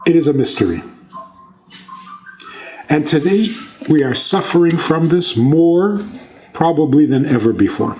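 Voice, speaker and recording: Male rabbi, fairly high voice, informal lecture style, quizzes the room and jokes. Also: animated, measured pace, long pauses, a little mellow. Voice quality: conversational, asks the audience questions and jokes. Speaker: rabbi giving a talk.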